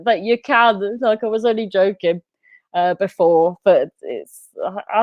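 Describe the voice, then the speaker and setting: A woman spins a comic tale about herself, chatty and self-mocking and quick to laugh. Her pitch jumps about as she talks. The sound is dry and close. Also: no room sound. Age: 30s. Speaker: guest telling her story. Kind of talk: comic storytelling in conversation.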